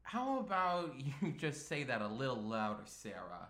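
A man putting on a cocky teen boy with a Brooklyn accent and a tough-guy drawl. The voice is bright and sounds like it's in an echoey room. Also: medium pitch, big pitch swings, normal speed, pitched below the performer's own voice.

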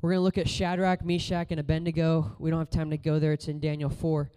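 High, smooth-voiced male preacher. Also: monotone, fast talker. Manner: casual, conversational preaching with storytelling; voice rises and falls between loud exhortation and quiet storytelling. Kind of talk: sermon.

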